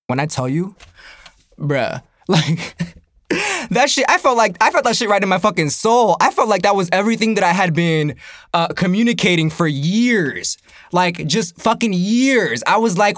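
A young man ranting in a casual comedic way, profane and animated, laughing often, his voice jumping up when he gets worked up. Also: high-pitched, unhurried, no room sound, clean studio sound.

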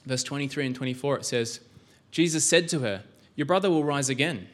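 A man preaches a sermon in a church, talking in a loose, conversational way. He keeps throwing rhetorical questions at the room and restarts his sentences often. His voice sits at an ordinary middle pitch. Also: a little fast, fairly bright tone. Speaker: pastor.

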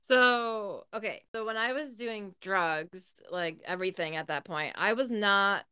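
A woman's voice: mid-range voice, unhurried, pushed and bright, clean tone. A young woman co-hosting a podcast, telling a candid story in casual chat and swearing freely. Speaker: podcast co-host.

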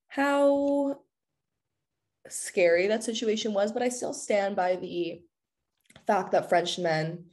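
A woman's voice: medium pitch, a little mellow. A woman hosting a podcast alone, talking frankly in a candid, chatty, jokey way. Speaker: podcast host. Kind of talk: candid solo chat.

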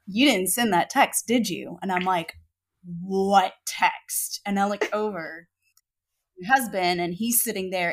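A woman's voice: mid-range voice, a little hiss or hum. A woman, co-hosting a podcast and telling a story casually, full of "like" and "you know". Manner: animated, peppered with "like" and "you know". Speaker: podcast co-host.

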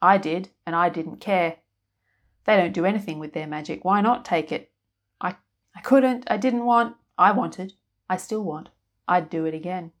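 A tormented man of magic, twitchy and haunted by guilt, stammering over each broken phrase, played by a woman reading a storybook. His words tumble and stall, climbing higher and louder than the telling around them. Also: normal speed, natural voice. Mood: anguished. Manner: stammering, breaking off mid-phrase. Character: twitchy guilt-ridden male wizard.

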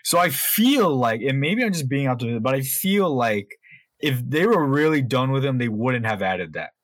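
Low-voiced, dry-miked podcast guy. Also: animated, moderate pace, dry recording. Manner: rambling, swears a lot, lots of fillers. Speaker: podcast co-host. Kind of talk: casual chat.

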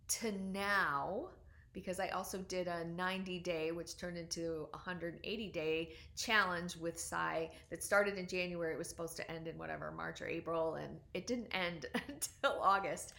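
A woman in her forties, a doctor, telling a personal story in an earnest, reflective way with frequent pauses and ums. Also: fairly low pitch, a bit bright.

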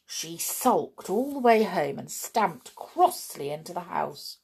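Lady reading a kids story out loud, husky voice, really lively up and down. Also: lowish voice, unhurried, few pauses. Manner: animated, expressive reading with fillers. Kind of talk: reading a children's story aloud.

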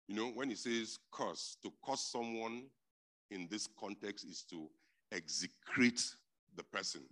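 A man preaching a sermon, emphatic and repeating his key phrases, dropping to quiet stretches and rising to loud, forceful bursts. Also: lowish voice, animated, unhurried.

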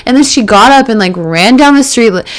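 A young woman in her early twenties talks through her week on her own podcast. Her voice is smooth and clear, and she rambles casually with lots of filler words. She turns animated when she recounts drama. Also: a little high, brisk. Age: early 20s. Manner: chatty, heavy on fillers, gets animated retelling drama. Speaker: podcast host. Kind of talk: casual solo podcast chat.

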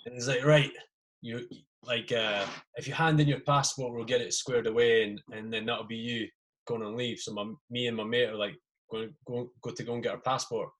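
A male podcast host swaps old army stories in casual conversation, swearing freely and imitating the people in his anecdotes. His voice is average in pitch, level in tone and fairly bright, and he speaks at a moderate pace.

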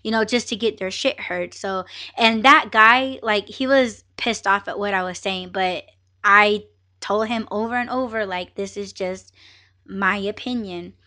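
A woman hosting a podcast, telling a story in a casual, animated and profane way, with many fillers and acted-out exchanges. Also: medium pitch, measured pace. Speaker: podcast host.

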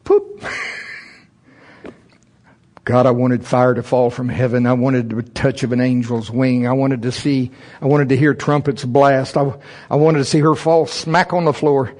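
A man preaching to a church congregation, mixing scripture with a funny personal story. His delivery is animated, with laughter breaking in, and his voice leaps high and loud at the excited moments. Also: moderate pace. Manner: humorous, laughs through his own stories. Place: church service before a congregation.

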